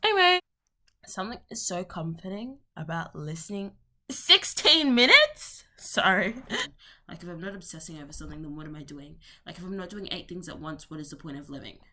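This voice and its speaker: A young adult woman vlogs in a casual, meandering monologue, her low-pitched voice racing along with hardly any pauses. She interrupts herself, hops between topics, and tosses in playful slangy asides.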